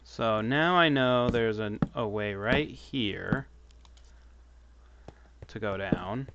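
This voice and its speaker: A man's voice: fairly low pitch, very slow, dull audio. A man in his thirties casually commenting on his own gameplay, chatty and laughing often. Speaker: streamer. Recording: noisy livestream audio.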